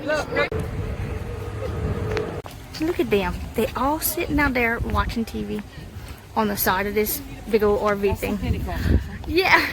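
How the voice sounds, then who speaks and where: Chatty high-voiced woman filming on a phone. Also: lively intonation, a little slow, gravelly, long pauses. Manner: chatty, laughs often. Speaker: vlogger. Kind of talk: casual vlog narration. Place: family house at night, evacuated. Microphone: handheld phone camera.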